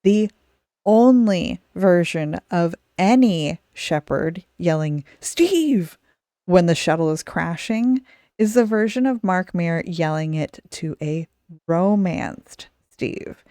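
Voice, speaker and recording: A woman co-hosts a relaxed podcast, talking unhurriedly in a mellow, smooth voice. She is chatty and laughs often, and the sound is close and dry. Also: fairly low pitch, takes it slowly, dry recording. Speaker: podcast host. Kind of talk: casual podcast chat.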